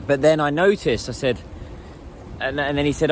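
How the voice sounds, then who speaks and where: An English man vlogs to the camera in a casual, thoughtful way, his voice on the high side with fairly even intonation and a brisk pace. He's chatty and reflective, laughing as he asks strangers questions in simple Mandarin. There's a slight hiss or hum in the audio.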